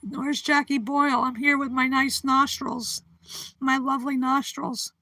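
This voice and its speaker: A woman's voice: sits high, little pitch movement, unhurried, bright, forceful tone, no room sound. A woman hosting a livestream, chatting casually and greeting viewers by name, giggling often and sounding a bit drowsy. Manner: drowsy, yawning. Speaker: livestream host. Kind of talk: casual chat with live viewers.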